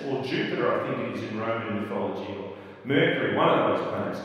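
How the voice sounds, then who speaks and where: A man teaching through a Bible passage in a lively, self-deprecating way, acting out the quoted lines. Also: mid-range voice, a little fast, far from the mic. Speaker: preacher. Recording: echoey hall, voice from afar.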